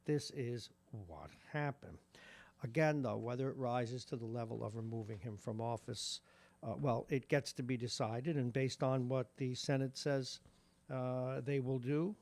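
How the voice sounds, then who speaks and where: Gravelly radio news host, New York accent. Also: male voice, mid-range voice, moderate pace, darkish tone. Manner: wry asides between news items. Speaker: radio morning show host. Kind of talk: reading local news with side commentary. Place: radio studio.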